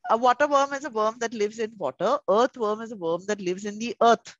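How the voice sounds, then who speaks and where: Lively high-voiced woman teaching preschoolers. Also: a little fast, no room sound, lo-fi sound. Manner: animated, playful and coaxing with small children. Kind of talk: teaching young children in an online class.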